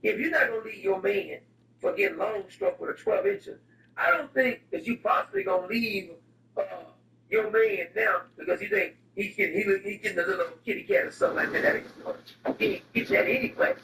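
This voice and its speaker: High-voiced man on a rambling rant. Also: animated, fairly quick, gravelly, pushed and bright, a little hiss or hum. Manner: rambling, digressive, mock-serious. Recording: roomy echo, distant mic, music behind.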